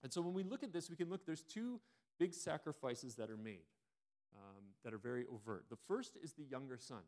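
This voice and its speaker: A man's voice: mid-range voice, expressive, a little fast, a little mellow. Conversational male preacher mid-sermon. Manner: conversational retelling with frequent restarts.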